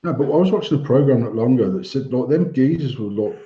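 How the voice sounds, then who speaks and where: A man's voice: mid-range voice, lively intonation, fast talker, slight background noise. A man co-hosting a livestream over his phone, telling blunt stories and swearing constantly. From England. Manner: heavy swearing, blunt anecdotes. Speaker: co-host of a vaping livestream. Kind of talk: casual storytelling banter. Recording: echoey dull phone audio.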